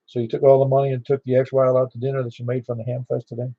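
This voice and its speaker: A man's voice: medium pitch, level tone, rapid-fire, dry recording. A man running a ham radio net, chatting in an easygoing, rambling way with plenty of fillers. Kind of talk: casual radio chat. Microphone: radio transceiver mic. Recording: dull dry lo-fi radio audio.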